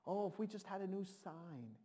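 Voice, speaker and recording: Male preacher, high pitch, animated and repetitive delivery, reverberant sanctuary. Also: normal speed. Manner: animated, repeats words, shouts to dramatize. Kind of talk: sermon. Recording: long reverb of a large hall.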